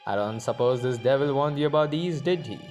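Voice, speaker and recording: A man voicing a gruff, joking middle-aged fishmonger with a put-on accent. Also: medium pitch, a little fast, darkish tone, faint music behind, close to an everyday voice. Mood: gruff ribbing. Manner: put-on accent, playful ribbing. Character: gruff mustachioed male fishmonger, jokey.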